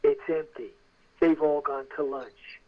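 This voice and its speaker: An older man recounts his acting days with lively energy, jumping into the voices of the people in his stories. His voice sits a little high. The line sounds muffled and lo-fi. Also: measured pace. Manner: animated anecdotes, acts out quoted voices. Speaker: guest, actor. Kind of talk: casual storytelling interview.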